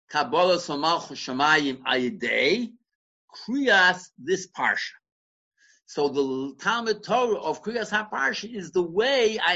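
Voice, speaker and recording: In a dull, lo-fi recording, a man with a fairly high, bright, and forceful voice leads a Torah study class as a Talmudic lecture. He works through the material step by step, citing Hebrew and Aramaic sources and frequently restarting words while thinking.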